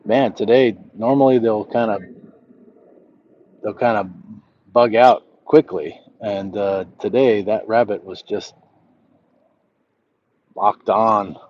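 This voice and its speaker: A relaxed man hosting a livestream, reading viewers' comments and chatting back in an easy, friendly way. His voice sits on the low side. The stream audio is dull and lo-fi. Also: slow, pauses often, a little hiss or hum. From Southwest United States. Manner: reads chat messages aloud, relaxed and friendly. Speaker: livestream host. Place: walking outdoors.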